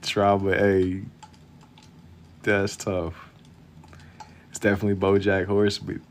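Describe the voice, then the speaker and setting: A man's voice: deep voice, completely flat delivery, measured pace, pauses often. A young man chatting casually with viewers while drawing on a live stream, laid-back and slangy, keeping his voice down for the late night.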